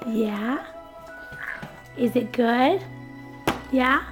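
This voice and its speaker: A woman's voice: fairly high pitch, extremely slow, over music. A young mother with a scratchy, sick voice, filming at home and coaxing her baby in sing-song baby talk. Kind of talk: home video chat with a baby. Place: home, at a baby's high chair. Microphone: camcorder microphone.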